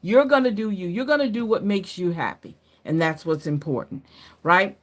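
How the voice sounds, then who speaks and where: A woman's voice: fairly low pitch, moderate pace. A woman hosting a live card reading, talking casually and often checking in with "right?" and "okay?", correcting her own slips with a laugh. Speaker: card reader.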